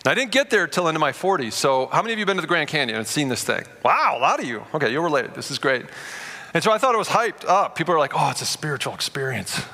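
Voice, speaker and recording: A man in his forties preaching a sermon to a live audience, telling stories in an animated way and speaking to them directly. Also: a little high, fast. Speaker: pastor. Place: large room before a live audience. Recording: long reverb of a large hall.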